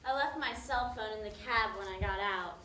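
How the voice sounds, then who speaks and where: A woman's voice: normal speed, bright, forceful tone, slight background noise, natural voice. An actor on stage playing a tired, exasperated young woman who swears casually while telling how she lost her phone. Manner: casual, swearing, acts out shrill calls. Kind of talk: stage monologue. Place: theater stage. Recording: echoey stage room.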